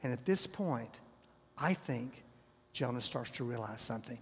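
A man's voice: mid-range voice, animated, normal speed, breathy edge. A man preaching a sermon, telling a story and often dropping his voice to a near whisper. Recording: long reverb of a large hall.

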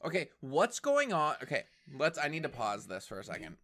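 A man's voice: on the high side, huge pitch swings, a little fast, a bit bright. A man giving chatty, wisecracking commentary while watching a show and talking back at the screen. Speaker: reaction commentator. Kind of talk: casual commentary over a show.

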